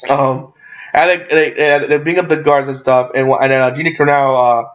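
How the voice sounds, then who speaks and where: A young man rambling through a casual movie recap, excitable and swearing freely, with lots of fillers and restarts. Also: medium pitch, moderate pace, lo-fi sound. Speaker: movie reviewer.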